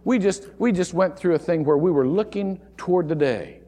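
A man's voice: high voice, animated, moderate pace, warm tone, in a large hall. A man preaching a sermon as pastor, stressing and repeating key words for emphasis, recorded in a church. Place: church sanctuary.

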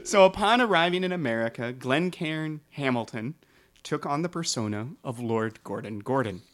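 A man co-hosting a comedy history podcast, telling the story in a steady way between jokes. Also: mid-range voice, normal speed. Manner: steady storyteller, breaks into joking voices.

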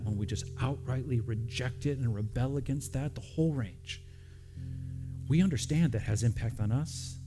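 A man preaching as pastor, speaking earnestly and directly, often repeating phrases, then leading a communion prayer. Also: medium pitch. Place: church sanctuary with congregation.

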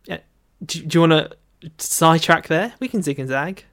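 A man with a fairly high, fairly bright voice talks at a normal pace. He co-hosts a book podcast, chatting about a book in a casual, animated way and using lots of filler words.

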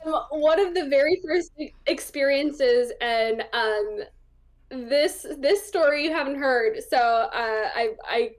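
Young woman, high voice, chatty interview guest, casual storytelling, lots of ums. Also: takes it slowly. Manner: chatty, acts out voices in her stories, frequent fillers. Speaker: interview guest, psychic medium.

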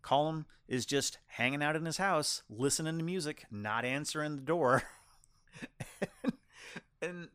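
A man's voice: on the high side, a little slow, pauses often, fairly bright tone, smooth, no room sound. A man co-hosting a podcast, chatting casually about a film and often restarting his sentences. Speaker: podcast co-host. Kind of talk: casual film review chat.

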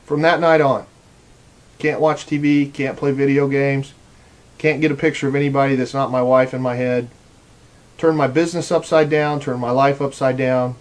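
A man giving an earnest, rambling personal testimony, often repeating his words. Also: medium pitch. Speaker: speaker giving a religious testimony.

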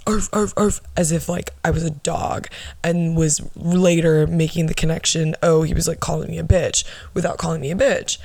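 A young woman with a soft, low alto voice that sounds worn out, as if she is losing it. She rambles casually through her stories with plenty of asides. The recording is close and dry. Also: dry recording. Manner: chatty, rambling with asides and laughs. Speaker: podcast host. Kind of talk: casual solo podcast storytelling.

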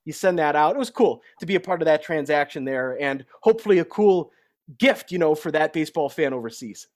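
A man's voice: a little high, animated, a little fast, a little mellow, no room sound, clean studio sound. A young adult man chatting casually on a sports talk show, telling stories in a chatty way. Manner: chatty storyteller. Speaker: podcast co-host.

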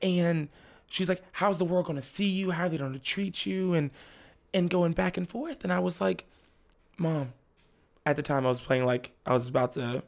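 A young man, a podcast guest, telling a story in casual chat, animated and laughing often as he acts out his family's lines. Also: a little high, normal speed, creaky. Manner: laughs often while talking.

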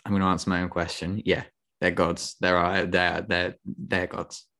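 Deep-voiced man, casual podcast banter. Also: level tone, bright, forceful tone. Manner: joking, quick to laugh. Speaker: podcast co-host. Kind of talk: casual chat.

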